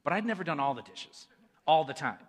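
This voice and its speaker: A man in his forties giving an earnest sermon testimony, moving between hushed and emphatic delivery. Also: a little high, lively intonation, fairly quick. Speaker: church speaker sharing a testimony. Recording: long reverb of a large hall.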